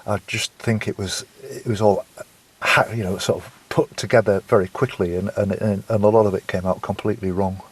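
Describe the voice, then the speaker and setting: A man's voice: fairly low pitch, fairly even intonation, fairly quick, slightly rough. A man vlogging a walk and chatting casually, repeating words and restarting his sentences as he goes. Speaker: walking vlogger. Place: outdoors on a walk.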